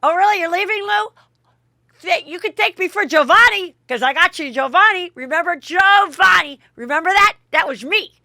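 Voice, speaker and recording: A woman doing a loud, drunk, belligerent hostess. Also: sits high, expressive, moderate pace, vocal fry, few pauses, dry recording, studio quality, voice pushed up, exaggerated voice. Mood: taunting. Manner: loud, shouting taunts.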